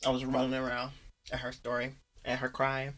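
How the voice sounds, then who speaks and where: A sassy podcast host tears through a throwback movie recap, roasting the characters with crude jokes and frequent laughter. The delivery is loose and conversational, pitched at a middle register. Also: monotone, brisk, a bit bright. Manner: sassy, profane, mocking, laughs often.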